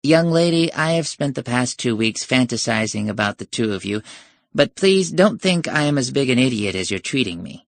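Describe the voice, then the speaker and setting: Storybook figure: a weary older male professor, flat, dry and utterly unimpressed, as a male narrator does him. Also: medium pitch, normal speed, no echo, close to an everyday voice. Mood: deadpan.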